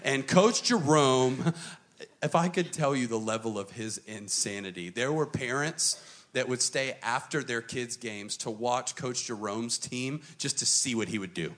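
A man preaching a sermon to a church congregation, emphatic and dramatic, switching between quick runs and slow, stressed phrases. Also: medium pitch, a bit bright. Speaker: pastor.

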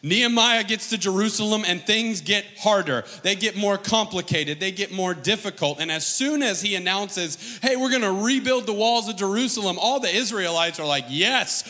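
Animated preaching man, echoing church hall. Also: high voice. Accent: American. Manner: animated, jokey preaching with dramatic scripture reading. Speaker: pastor. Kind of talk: sermon. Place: church stage with long reverb.

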